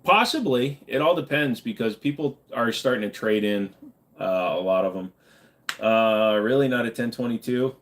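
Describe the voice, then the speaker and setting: A man's voice: medium pitch, animated, moderate pace, a little hiss or hum. A man hosting a casual livestream, reading viewers' chat aloud and answering with loose, joking, profane banter. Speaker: livestream host.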